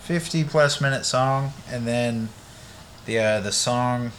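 A man's voice: mid-range voice, takes it slowly, slight background noise. A young man co-hosting a podcast, telling rambling stories in casual chat, laughing and swearing freely. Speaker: podcast co-host.

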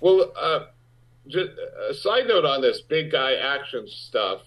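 A man, an actor, speaking frankly in a conversational interview, halting with restarts and rising sharply when he makes a point. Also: mid-range voice, sing-song, a bit bright. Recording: muffled lo-fi audio.

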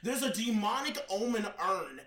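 A man's voice: high-pitched, lively intonation, moderate pace, a bit bright. A man co-hosting a podcast in casual chat, exasperated and dramatic, swearing freely. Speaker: podcast co-host. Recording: roomy echo.

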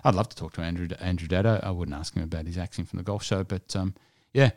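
A deep-voiced man from Scotland, talking through his podcast plans on his own. He rambles keenly and leans on lots of fillers. The sound is dry and close, with no room echo. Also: quick pace, darkish tone. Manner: rambling, enthusiastic, many fillers. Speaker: podcast host. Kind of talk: casual solo podcast chat.

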